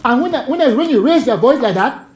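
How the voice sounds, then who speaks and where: A man's voice: very high-pitched, animated, quick pace, poor audio. A man from Cameroon, a priest and author talking as a guest on a talk show, telling stories with animation and repeating words as he starts each thought.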